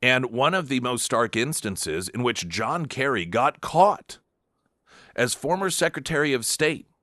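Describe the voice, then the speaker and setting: A man's voice: medium pitch, animated, measured pace, sharp tone, no room sound, studio quality. A man hosting a talk radio show, delivering an emphatic, combative political monologue with sarcastic asides.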